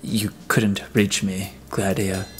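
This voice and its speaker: A man reading an audiobook, voicing a stern, weary detective in a level, terse, deliberate way. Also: low voice, flat delivery, noisy background. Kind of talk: audiobook character voice.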